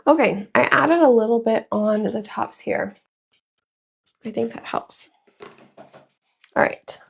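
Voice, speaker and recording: A woman's voice: fairly high pitch, slow pace, vocal fry, slightly rough. A woman in her thirties chatting casually to her livestream viewers while she crafts in a small room at home, calling them y'all. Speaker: crafter and live seller.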